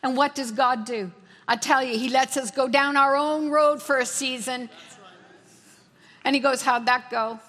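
A woman with a high voice delivers a fervent sermon, driving her points home by repeating phrases. Her voice rings out with a long, lingering reverb, as in a big church sanctuary. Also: fairly even intonation, measured pace, long pauses, fairly bright tone. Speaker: preacher. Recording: long reverb of a large hall.

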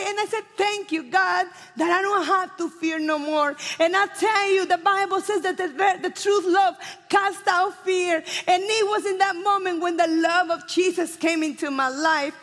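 A woman preacher with a Spanish accent, a native Spanish speaker, giving a fast, impassioned evangelistic sermon that drops to hushed pleading. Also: very high voice, fairly even intonation. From Spanish-speaking country. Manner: fast-talking, impassioned, swings from loud to hushed. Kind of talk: evangelistic sermon with altar call. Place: church hall. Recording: long hall reverb with soft music. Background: musicians playing softly.

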